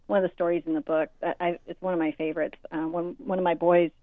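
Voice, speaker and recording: A woman's voice: on the low side, fast talker, no room sound, narrow, tinny audio. Woman author telling stories over phone. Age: 40s. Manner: animated storyteller, acts out quotes. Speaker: guest author. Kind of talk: interview storytelling.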